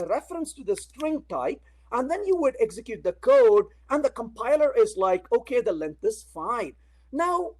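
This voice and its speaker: A man's voice: very high voice, low-quality recording. A man giving a technical conference talk with live coding. He talks playfully, tells everyday anecdotes, asks the audience questions and uses many "uh, you know" fillers. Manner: addresses the audience directly with questions. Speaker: conference speaker.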